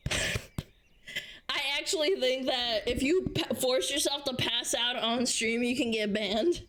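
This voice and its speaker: A woman's voice: high voice, slow pace, background noise. A woman streaming live, chatting casually and chaotically with bursts of laughter while coughing with hiccups.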